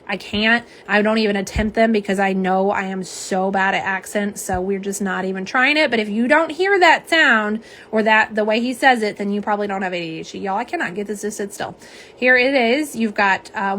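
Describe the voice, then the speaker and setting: A woman's voice: mid-range voice, a little fast, fairly bright tone, slight background noise. A middle-aged woman hosting a casual livestream, chatting with viewers and reading their comments aloud in a bubbly way. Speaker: nail polish livestream host. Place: home setup for live streaming. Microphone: phone camera on a live stream.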